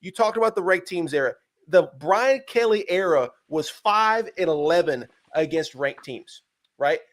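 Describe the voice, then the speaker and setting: A young man with a drawl rants through a sports podcast, fired up and mocking as he builds his case. His voice sits high for a man and keeps climbing as he gets going. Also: lively intonation, moderate pace. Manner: fired-up, ranting, mocking impressions. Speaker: podcast co-host. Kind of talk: heated sports podcast rant.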